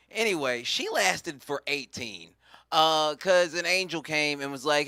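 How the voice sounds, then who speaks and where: A man's voice: sits high, expressive, moderate pace, pushed and bright, dry recording, clean studio sound. A man doing a rambling, profane stand-up set, mocking himself as he goes. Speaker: stand-up comedian.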